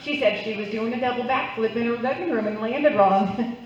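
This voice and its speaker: Brisk and on the high side, a middle-aged stand-up comedian chats with her club audience and draws them into her playful set. A little hiss or hum runs through the roomy, distant, dull live recording.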